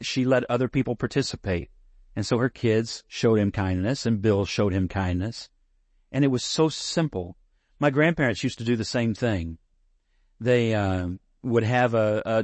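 A man preaching a sermon, earnest and close to tears, slowing down to stress his points. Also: mid-range voice, darkish tone, dry recording. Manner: earnest, emotional, slows down for emphasis. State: near tears. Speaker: pastor.

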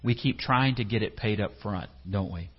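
A man's voice: lowish voice, moderate pace, slightly rough. A man preaching a sermon in a conversational way, putting questions to his listeners and acting out short quotes. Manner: conversational, asks the congregation questions, acts out quotes. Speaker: pastor. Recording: echoey hall, slightly dull sound.

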